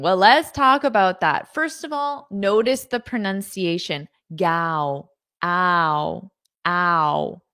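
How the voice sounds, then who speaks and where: Slow, upbeat woman teaching English live. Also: lowish voice, a bit bright. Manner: enthusiastic, greets viewers, laughs often; models pronunciation slowly and repeats words. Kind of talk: live-streamed English lesson.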